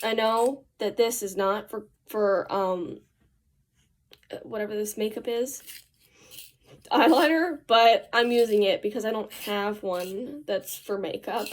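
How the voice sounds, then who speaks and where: A woman's voice: mid-range voice, slow pace. A teenage girl telling a rambling story in a casual, chatty way while she does her makeup, with slangy asides. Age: teens. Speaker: vlogger.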